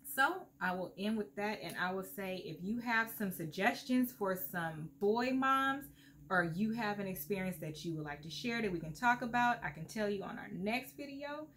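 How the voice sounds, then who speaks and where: A middle-aged woman vlogging to camera in a heartfelt, earnest way, at times close to tears. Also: a little hiss or hum. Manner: heartfelt, earnest, lively pitch swings. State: emotional, near tears at times. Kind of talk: casual talk to camera.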